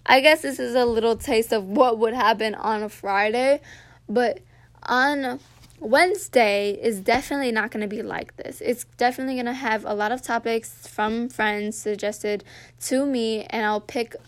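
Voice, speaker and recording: Teen girl podcast host, slightly high voice, casual rant style, swears freely. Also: clear, resonant tone. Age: teens. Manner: animated, heavy use of "like", swears freely.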